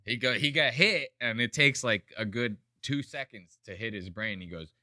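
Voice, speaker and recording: A man's voice: brisk, hardly any pauses, no room sound, clean studio sound. A man hosting a casual podcast, talking over fight clips, swearing a lot and mimicking people. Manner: animated, profane, mimics people in high voices. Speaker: podcast host.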